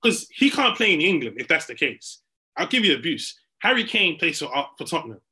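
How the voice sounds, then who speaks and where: A man in a heated sports debate, animated and argumentative, breaking into chants and laughter. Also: fairly high pitch, a little fast, poor audio.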